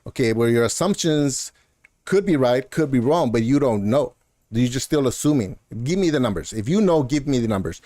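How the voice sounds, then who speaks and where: A male gaming streamer rants at a viewer in a heated, animated way, throwing in "bro" and "man" and short laughs. His voice sits at a middle pitch for a man. The sound is dry and close, with no room echo. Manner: argumentative, talks straight to a viewer in chat, repeats "bro" and "man". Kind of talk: casual live-stream rant.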